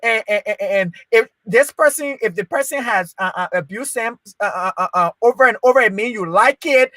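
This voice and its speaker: A man's voice: high voice, normal speed, bright, forceful tone, no echo. A man, hosting a talk show and telling a personal story in casual conversation, acting out the dialogue he quotes. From Liberia. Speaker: podcast host.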